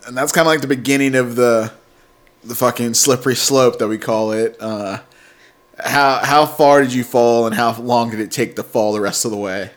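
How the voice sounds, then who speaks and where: A man hosting a podcast in casual chat, relaxed, swearing and laughing along. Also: medium pitch, normal speed. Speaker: podcast host.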